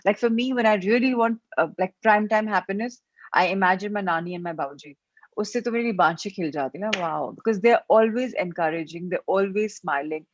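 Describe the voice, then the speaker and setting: A woman's voice: mid-range voice, racing, no room sound. Indian-accented woman coach, instructive and repetitive, dry dull mic, call audio. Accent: Indian English. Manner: mixes English and Hindi, instructive, repeats herself. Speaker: session leader, self-help coach. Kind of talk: guided self-help class.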